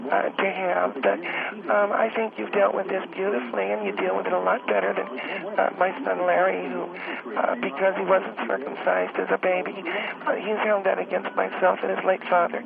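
A man putting on the voice of an elderly, motherly woman phoning into a radio show, gentle and rambling with many ums. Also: sits high. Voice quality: gravelly, halting with many ums. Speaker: caller. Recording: tinny phone line with loud crowd noise.

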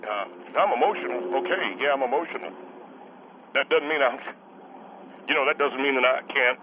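A man's voice: medium pitch, moderate pace, pitched below the performer's own voice, lightly acted. Male performer as an earnest, defensive caller who stumbles over his words; thin phone sound. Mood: flustered. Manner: earnest, flustered, hesitant. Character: emotional, defensive family-man caller. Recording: tinny phone line with background noise.

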